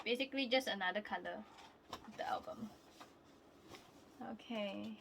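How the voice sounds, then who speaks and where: A young woman vlogging casually while unboxing albums, excitable and prone to laughing squeals. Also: mid-range voice, moderate pace, vocal fry, long pauses, noisy background.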